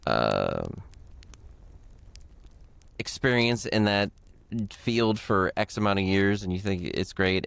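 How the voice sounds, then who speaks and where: A man's voice: sits low, vocal fry, smooth, dry recording. A man co-hosting a casual podcast, easygoing and rambling with lots of fillers. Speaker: podcast co-host.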